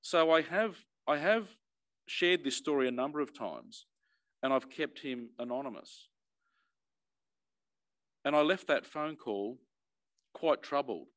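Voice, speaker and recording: A man's voice: a little high, animated, measured pace, long pauses, fairly bright tone. A middle-aged man with an Australian accent, an emergency services commissioner giving an earnest personal address, emphatic and often repeating words as he restarts.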